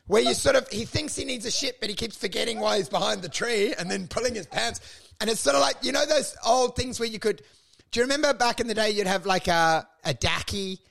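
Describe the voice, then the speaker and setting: High-voiced man riffing comedically. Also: animated, brisk, gravelly, fairly bright tone. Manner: riffing, acts out mock dialogue in silly voices. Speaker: podcast co-host. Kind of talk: casual comedic banter.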